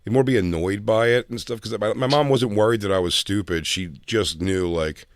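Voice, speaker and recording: A man's voice: on the low side, brisk, no room sound, studio quality. A man co-hosting a podcast, chatting casually and telling profane, rambling stories from school. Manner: rambling, profane, acts out quoted voices. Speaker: podcast co-host. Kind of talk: casual storytelling chat.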